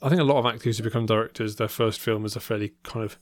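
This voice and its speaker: A man's voice: on the low side, steady tone, very fast, no echo. A man co-hosting a podcast, chatting casually about films with many ums and restarts. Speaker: podcast co-host. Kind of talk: casual film review chat.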